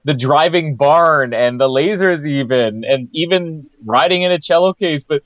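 A man's voice: on the high side, normal speed, fairly bright tone, dry recording, lo-fi sound. A man co-hosting a casual film podcast who mocks silly plot logic with exasperated humour. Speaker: podcast co-host. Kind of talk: casual film-review chat.

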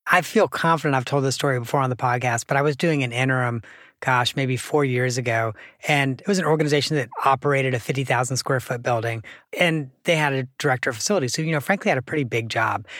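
A man with a mid-range voice hosts a podcast interview, affirming his guest and telling stories in an animated way. His voice sits close and dry with no room sound. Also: medium pitch, quick pace, no room sound. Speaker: podcast host. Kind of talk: casual interview conversation.

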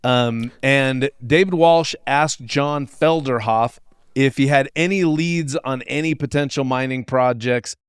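A man's voice: medium pitch, a little slow, smooth, no echo, studio quality. A man co-hosting a podcast, telling a true story in a wry, conversational way with plenty of fillers. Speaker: podcast co-host. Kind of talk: casual storytelling podcast chat.

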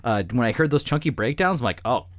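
A man co-hosts a casual music podcast, his pitch swinging freely as he talks. The sound is dry, and he fills his talk with dude and like and the odd curse. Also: animated, quick pace, no room sound. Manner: swears, says dude and like a lot. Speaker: podcast co-host.

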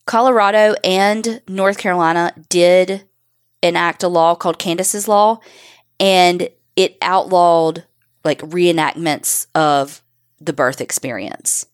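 Woman storyteller host, lowish voice, blunt, cusses through the facts. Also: fairly even intonation, slow pace, clean tone. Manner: blunt, swears while telling the case. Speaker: podcast co-host. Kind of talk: true crime storytelling.

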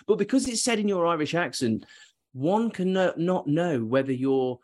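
A man's voice: on the high side, expressive, measured pace. A man hosting a football podcast, ad-libbing in a playful, mock-grand way. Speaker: podcast host. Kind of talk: casual podcast banter.

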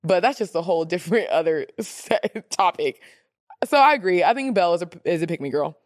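A woman's voice: fairly low pitch, a little fast, dry recording. Sassy woman host with a dry sound. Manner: animated, sassy, acts out quoted voices. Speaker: podcast host answering listener questions. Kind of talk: casual advice chat.

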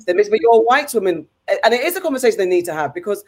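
A woman's voice: mid-range voice, lively intonation. A woman in a casual chat, making emphatic, opinionated points. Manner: rapid, emphatic opinionated talk.

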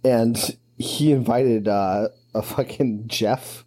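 Male podcast co-host, mellow dark tone, loose and profane, laughs often. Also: mid-range voice, steady tone, slow pace. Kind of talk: casual podcast chat.

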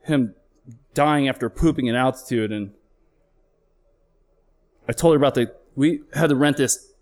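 Telling a true story from his life on stage, a middle-aged flight paramedic comes across as honest and emotional. He occasionally swears and slows his delivery for emphasis, in a medium-pitched voice with a darkish tone.

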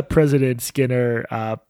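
A man co-hosting a podcast in casual banter, with sarcastic, deadpan jokes. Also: mid-range voice, takes it slowly, dry recording, clean studio sound. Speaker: podcast co-host.

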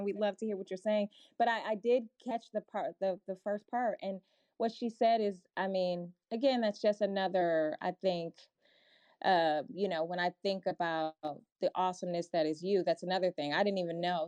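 A woman hosting a casual interview over a call, gushing and halting as she talks. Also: fairly low pitch, no echo. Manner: warm, effusive, halting. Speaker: host.

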